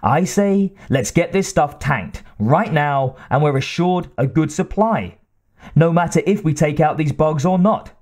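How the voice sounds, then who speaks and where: A man's voice: a little high, expressive, unhurried, a little mellow, pitched above the performer's own voice. A man voicing a reckless, proud young lieutenant who pushes to get his way. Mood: pushy. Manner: pushy, pleading. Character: cocky, reckless male lieutenant, proud and pushy.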